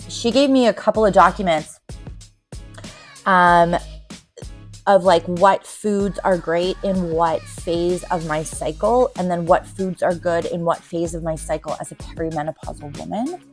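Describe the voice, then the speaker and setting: Candid and rambling, peppered with frequent ums, a woman in her forties talks through her casual solo podcast as a recovery coach. Her pitch is fairly low.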